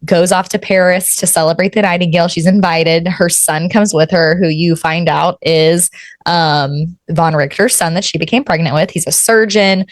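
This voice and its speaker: A woman's voice: fairly low pitch, steady tone, moderate pace, dry recording, clean studio sound. A young woman co-hosting a book club podcast, giving a long, rambling plot synopsis full of "um"s. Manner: rambling synopsis with many fillers and apologies. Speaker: podcast co-host. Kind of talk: casual book club chat.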